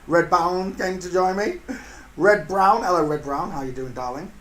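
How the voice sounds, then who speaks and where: Older male livestream host, chatty and jokey, slightly high voice, echoey room. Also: normal speed, fairly bright tone. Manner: chatty, greets viewers by name with blessings; jokey, drops into sudden high silly voices. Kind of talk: casual live-stream chat. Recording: echoey room with faint hiss.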